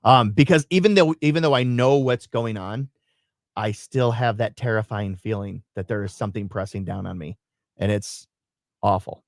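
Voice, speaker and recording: A man co-hosting a casual live radio chat, telling a personal story in an animated way and acting out the parts. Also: lowish voice, normal speed, no echo, clean studio sound. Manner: animated storytelling, acts out his own screams and quotes. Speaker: radio show co-host.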